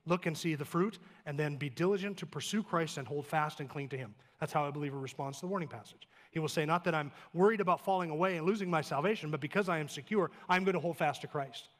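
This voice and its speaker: A male pastor delivers a sermon at a fast clip, his voice sitting a bit high. He drives points home with runs of short emphatic phrases, then drops into easy, joking asides. The sanctuary adds a long reverb tail. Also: a bit bright. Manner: emphatic, building lists of short clauses; plain conversational asides with light humor. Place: church sanctuary.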